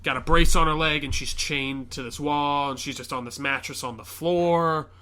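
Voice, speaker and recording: A man hosting a podcast, chatting casually and excitedly retelling a movie with lots of fillers. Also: on the high side, moderate pace, a crowd in the background. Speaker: podcast host. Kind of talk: casual chat.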